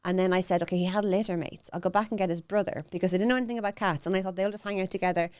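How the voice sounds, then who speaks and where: An Irish woman co-hosting a comedy podcast, telling stories in quick casual chat, swearing and acting out the people she quotes. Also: mid-range voice, steady tone, a little mellow, smooth. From Ireland. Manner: fast storytelling, swears, acts out quotes. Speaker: podcast co-host.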